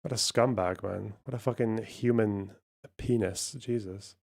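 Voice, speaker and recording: A man's voice: on the low side, fairly even intonation, a little slow, vocal fry, darkish tone. A man hosting a live stream, commenting on news in a casual, profane, sardonic way and thinking aloud. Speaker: streamer host.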